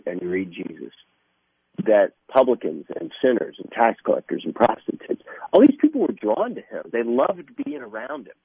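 A man speaking as a guest in a radio interview, earnest and halting, often restarting his sentences. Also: low voice, slightly rough, no echo. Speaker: guest from an evangelistic ministry. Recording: tinny phone line.

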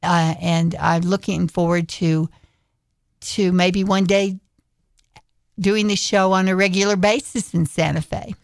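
A woman guest in a radio studio, speaking in a slow, earnest way with pauses. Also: on the low side, fairly even intonation, no room sound. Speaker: guest performer. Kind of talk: radio interview.

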